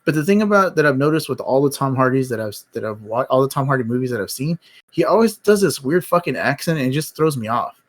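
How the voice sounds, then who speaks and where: Dude rambling on stream about movies, blunt, swears a ton, mid-pitch voice. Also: male voice, lively intonation, fast. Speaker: stream host. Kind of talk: casual chat.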